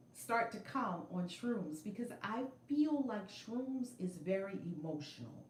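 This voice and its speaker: A middle-aged woman tells a story to her livestream viewers, animated and emphatic, often repeating herself. Her voice sits in an ordinary middle range. The phone mic picks up a roomy echo from her room at home. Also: medium pitch, a little hiss or hum. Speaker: spiritual vlogger. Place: home room with altar and shelves. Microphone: phone camera.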